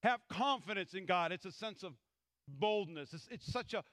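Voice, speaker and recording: A male pastor delivers an animated sermon and slips into the voices of the people in the stories he reads. His voice sits high and sounds bright and forceful. The recording is close and dry. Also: moderate pace, no echo. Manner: animated, acts out scripture voices.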